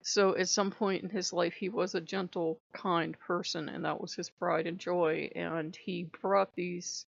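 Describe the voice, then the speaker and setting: A woman vlogger chatting casually and laughing as she retells stories in an animated way. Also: on the low side, a little slow, creaky, few pauses, muffled recording. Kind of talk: casual chat.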